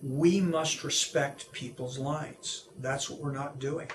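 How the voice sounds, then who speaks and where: A man, an anti-bullying seminar speaker, being interviewed; he talks in an animated way, acts out the voices he quotes, and often restarts his sentences. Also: medium pitch, takes it slowly, a little hiss or hum.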